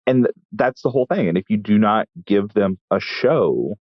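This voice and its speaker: A man from Texas, a chef telling stories in a casual interview with wry, deadpan humor and frequent restarts. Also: fairly low pitch, moderate pace, dry recording, dull audio. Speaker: chef and guest.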